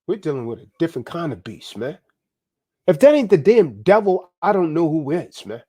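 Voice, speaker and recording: A man's voice: fairly high pitch, sing-song, moderate pace, mellow, husky, dry recording, studio quality. A man hosting a live stream, preaching and exhorting his listeners, often ending lines with "man". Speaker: livestream host. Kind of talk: impassioned preaching livestream.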